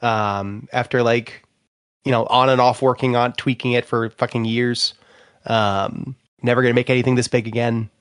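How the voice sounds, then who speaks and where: This podcast co-host is relaxed and self-deprecating, chatting casually in a clear, resonant mid-range voice at a moderate pace. The studio sound is clean with no echo.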